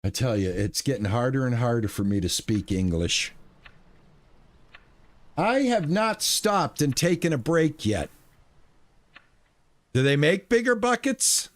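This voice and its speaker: A man's voice: mid-range voice, big pitch swings, measured pace, long pauses. A man streaming a video game, talking through his play in a rambling, playful way with goofy exclamations. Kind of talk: casual gameplay commentary.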